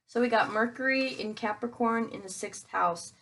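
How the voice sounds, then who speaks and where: Chatty woman reading tarot. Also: a little high. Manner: chatty, addresses viewers as guys, thinks aloud with fillers. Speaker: tarot reader. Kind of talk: casual tarot reading for viewers.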